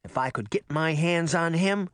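A man voicing an excitable, feisty little girl in a storybook reading. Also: fairly high pitch, normal speed, voice pushed up, lightly acted. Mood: excited. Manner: eager, bubbly.

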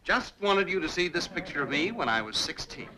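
An actor plays a proud, thin-skinned family doctor and dad who jabs back with dry sarcasm. His voice leaps up and down as he protests, in 1950s sitcom fashion. The old TV soundtrack carries a steady hiss. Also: fairly high pitch, fairly quick, close to an everyday voice. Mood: indignant. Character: proud middle-aged father, touchy and sarcastic.

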